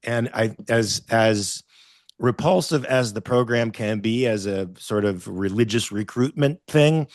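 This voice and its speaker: Host guy, low voice, dry close sound, thinks out loud with lots of uhs. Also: a little slow, dry recording. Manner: relaxed, reflective, hesitant with fillers. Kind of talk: casual chat.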